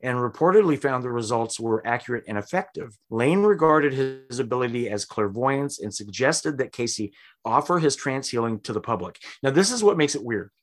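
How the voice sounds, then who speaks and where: A man telling a story on a casual podcast, mid-pitched and conversational. He gets animated and throws in exaggerated voices when he quotes people. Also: normal speed. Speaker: podcast host.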